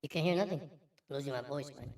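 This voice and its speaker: A man doing a fast, raised changer voice. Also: fairly high pitch, darkish tone, reverberant, recorded from a distance, pitched above the performer's own voice. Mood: joking. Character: slightly raised altered male voice.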